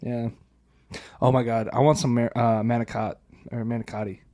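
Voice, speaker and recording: A young man co-hosting a podcast, telling stories in a loose, profane, animated way. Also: mid-range voice, normal speed. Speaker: podcast co-host. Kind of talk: casual chat.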